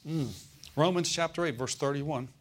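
A man preaching a sermon as pastor, calling out to the congregation and slowing down to stress scripture verses. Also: a little high. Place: church.

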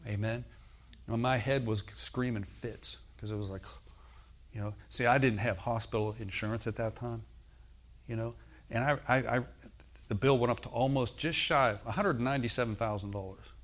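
Man, pastor, sermon, mid-pitched voice, call-and-response asides, loud swells and soft hushed lines. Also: normal speed. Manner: swings from loud emphasis to soft intimate tones.

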